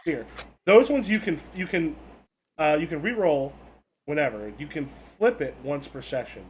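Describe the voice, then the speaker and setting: A man running a tabletop role-playing game as game master, narrating scenes in a lively, animated way. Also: normal speed, a little hiss or hum, low-quality recording. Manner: lively, breaks into squeaky character voices.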